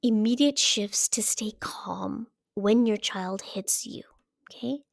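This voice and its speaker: A woman giving parenting advice as a coach, in a calm coaching delivery that keeps checking in with "okay?". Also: medium pitch, takes it slowly, creaky, no room sound, clean studio sound. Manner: checks in often with "okay?" and "right?". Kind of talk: explaining parenting advice to camera.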